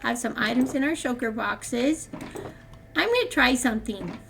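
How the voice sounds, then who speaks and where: Older woman with a creaky voice chatting over gameplay. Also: on the high side, animated, moderate pace, background noise. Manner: chatty, laughs often, rambling with restarts. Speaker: gaming channel host. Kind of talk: casual gameplay commentary.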